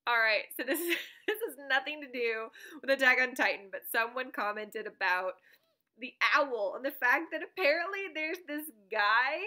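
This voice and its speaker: A teacher who makes reaction videos talks casually to her viewers at home through a camera mic, rambling, chatty and often breaking into laughs. Her high voice is expressive, bright and forceful, at a normal speed.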